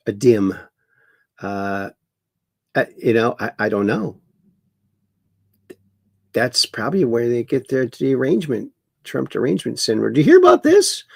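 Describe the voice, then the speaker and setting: Reading viewer chat aloud and chuckling at the news he mocks, a man hosts a casual political commentary livestream from his home in Wisconsin. His mid-range voice is creaky and husky, and the clean studio sound has no room sound.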